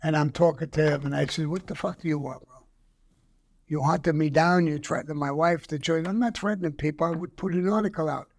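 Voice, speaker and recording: Gravelly older New man telling stories. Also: fairly high pitch, quick pace, hardly any pauses. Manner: profane, animated, acts out quoted dialogue. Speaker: guest. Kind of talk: casual storytelling.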